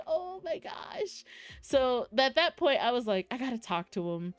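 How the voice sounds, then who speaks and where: A young woman streamer telling a story in casual chat with her viewers, excitable and rambling, full of fillers. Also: fairly high pitch, a little fast, dry recording.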